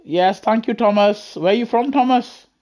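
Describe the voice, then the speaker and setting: A young British man chatting excitably to his live chat while playing a racing game on a headset mic. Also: sits high, a little slow. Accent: British English. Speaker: gaming livestreamer. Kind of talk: casual live gameplay commentary. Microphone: gaming headset.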